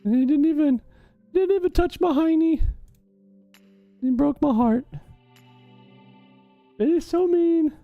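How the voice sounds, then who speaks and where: A man's voice: very high-pitched, slow, creaky, pauses often, dry recording, narrow, tinny audio, soft background music, voice pushed up, full character voice. A man voicing a whiny, heartbroken middle-aged male troll who sobs and wails in self-pity. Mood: whiny sobbing. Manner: sobbing, wailing and self-pitying.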